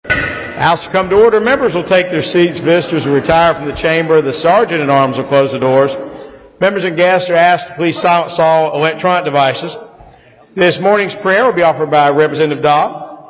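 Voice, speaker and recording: Man, presiding officer, formal procedure, brisk, reverberant, muffled. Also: fairly high pitch. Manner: brisk, routine, ceremonial. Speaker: presiding officer of a legislative house. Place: legislative chamber. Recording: dull, echoey chamber audio.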